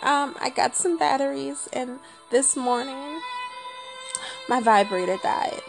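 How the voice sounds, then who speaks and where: A woman hosting a podcast, telling a story in casual chat with lots of repetition, jumping between low muttering and high, indignant exclaims. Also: slow, creaky, over music. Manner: colloquial, repeats phrases. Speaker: podcast host.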